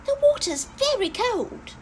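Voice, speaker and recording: A woman voicing a timid young male hare in a storybook, with a high, fretful delivery. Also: big pitch swings, a little slow, a little mellow, slight background noise, full character voice. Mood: scared.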